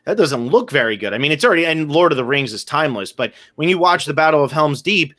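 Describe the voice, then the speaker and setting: A male podcast co-host rants casually about films, sharing his opinions. His voice is a little high, animated, quick, bright and forceful, with clean studio sound and no echo.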